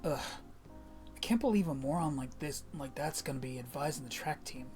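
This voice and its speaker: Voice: mid-range voice, expressive, a little fast, a little mellow, faint music behind, natural voice. A streamer voicing a hot-headed teenage boy, a former athlete, in blunt, slangy talk with mild cursing, as a fan reading of game dialogue. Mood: grumbling.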